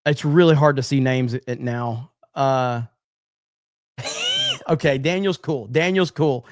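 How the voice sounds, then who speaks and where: A man's voice: fairly high pitch, unhurried, darkish tone, no room sound, clean studio sound. Profane man hosting a livestream. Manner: profane, blunt, mock-angry banter with chat. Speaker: livestream podcast host. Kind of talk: casual livestream chat reading donations.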